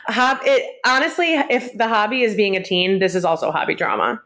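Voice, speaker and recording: A woman hosts a relaxed podcast conversation from her home. She rambles through her stories with plenty of "um" and "like", dropping in dry jokes along the way. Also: mid-range voice, fairly quick. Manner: rambling, filler-heavy, jokey. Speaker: podcast host. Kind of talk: casual podcast chat. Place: at home with cats.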